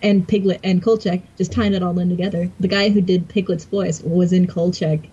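A woman adds dry, matter-of-fact asides to a casual podcast chat. Her voice is very husky, low and dark. The recording sounds dull and lo-fi. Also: fairly even intonation, a little fast. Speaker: podcast co-host.

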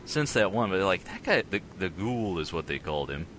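A man riffs through a casual podcast chat, jokey and rambling, his pitch swinging widely. His voice has a bright, forward edge, and a faint hiss sits under the recording. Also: brisk. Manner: animated, jokey, rambling with restarts. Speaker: podcast co-host.

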